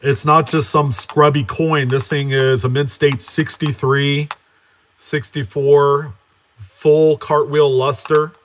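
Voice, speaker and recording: A man's voice: a little high, takes it slowly, a little hiss or hum. A man hosting a casual live stream for his coin collecting channel, talking in an easygoing, conversational way. He greets viewers by name, answers their comments, and wanders from point to point, with plenty of fillers and restarts along the way. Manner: chatty, reads out and answers viewer names; relaxed, with frequent fillers and self-corrections.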